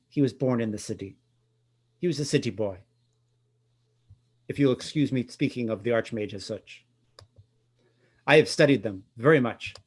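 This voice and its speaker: A man voicing an eager young woman who is a nun scholar, speaking earnestly and haltingly with a light French accent. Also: mid-range voice, close to an everyday voice.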